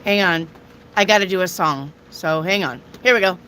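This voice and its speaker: A woman's voice: fairly low pitch, moderate pace. A woman giving a casual live tarot reading to viewers, chatty and jokey with crude asides. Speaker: tarot reader.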